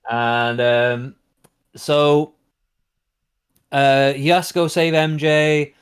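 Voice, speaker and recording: A man co-hosting a casual podcast, retelling a plot in a rambling, animated way full of fillers. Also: fairly high pitch, extremely slow, clear, resonant tone. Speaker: podcast co-host. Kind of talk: casual chat.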